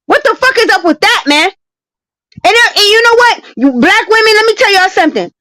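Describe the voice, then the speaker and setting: A woman's voice: extremely high pitch, sing-song, a little fast, pushed and bright, dry recording, poor audio. A woman in a heated live-stream argument, confrontational and profane, hammering her points with repetition. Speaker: debating guest.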